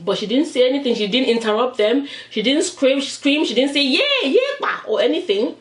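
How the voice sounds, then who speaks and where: A woman's voice: on the high side, fairly quick. Nigerian woman telling a dramatic story. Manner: animated, dramatic retelling, acts out voices. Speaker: vlogger. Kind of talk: storytime chat while eating. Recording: roomy, mic at a distance.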